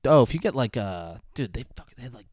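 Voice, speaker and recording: A man co-hosting a podcast, ribbing his co-host with deadpan jokes and casual swearing. He speaks at a middle pitch, and the recording is dry and close. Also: fast, no echo. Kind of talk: casual chat, retelling a movie.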